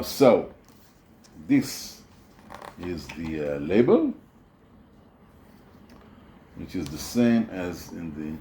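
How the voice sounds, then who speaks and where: A man with a very low voice talks slowly through the records he collects, stopping often to search for words. There's a faint noise under the recording. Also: darkish tone. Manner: hesitant, many fillers and restarts. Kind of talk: casual show-and-tell video.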